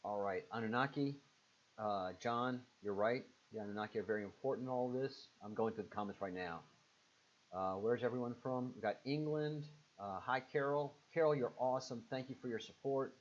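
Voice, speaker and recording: A man with a Southern accent hosting a live stream, reading out viewer comments and answering them casually with lots of fillers. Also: moderate pace. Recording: muffled low-fidelity stream audio.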